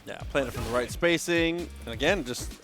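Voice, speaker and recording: A man's voice: fairly high pitch, brisk, a bit bright, soft background music. A man calling play-by-play at a fighting game tournament, laid-back and teasing his co-caster. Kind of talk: live esports commentary.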